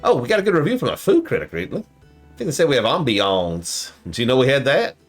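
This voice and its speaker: A man's voice: medium pitch, wildly swooping pitch, fast, faint music behind, voice pushed up. A man doing a folksy, friendly diner owner lady. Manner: chatty, folksy, with country slang. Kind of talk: reading game dialogue aloud on stream.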